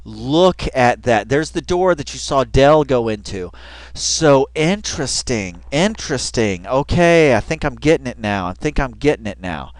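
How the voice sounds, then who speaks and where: A man giving casual, rambling commentary over a video he keeps pausing, thinking aloud with wry asides and frequent swearing. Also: mid-range voice, sing-song, dry recording.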